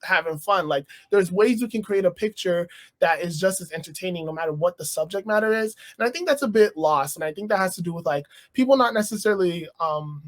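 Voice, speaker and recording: A man from Canada, a rapper, talking about his music in a casual interview, thoughtful and animated. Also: sits high, a little fast, hardly any pauses. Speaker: rapper guest.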